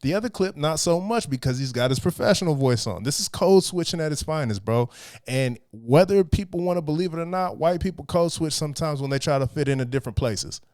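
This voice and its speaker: A man's voice: fairly high pitch, lively intonation, a little mellow, dry recording, studio quality. A young man from Texas, giving casual, blunt and profane commentary. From Texas, USA. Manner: blunt and profane, drawn-out asides.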